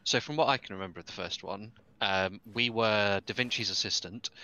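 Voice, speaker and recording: A man's voice: lowish voice, a little fast, bright, forceful tone, low-quality recording. A man chatting casually beside a game streamer, teasing him and recapping the story with many ums. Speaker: co-player. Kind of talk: casual chat.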